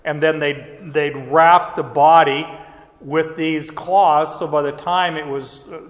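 Slow man preaching in an echoey hall. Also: a little high, fairly even intonation, muffled recording. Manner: conversational, chuckling asides. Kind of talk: expository Bible teaching.

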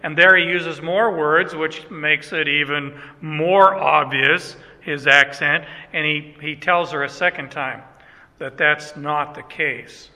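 A man's voice: on the high side, fairly even intonation, takes it slowly, sharp tone. A man preaching a sermon as pastor, folksy and self-deprecating, often restarting his sentences. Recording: echoey hall.

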